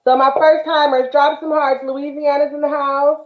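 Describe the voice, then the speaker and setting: A woman's voice: high voice, little pitch movement, normal speed. A woman from the Bay Area hosting a craft livestream, talking casually and affectionately with lots of fillers. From Northern California, Bay Area. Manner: chatty, affectionate, many fillers. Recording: roomy, dull livestream audio.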